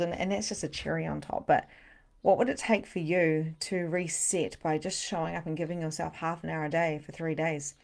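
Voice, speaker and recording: A middle-aged woman, a spiritual coach leading a live guided meditation and chatting with viewers in a soft, soothing way. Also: on the low side. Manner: soft, soothing guiding voice with breathy exclamations.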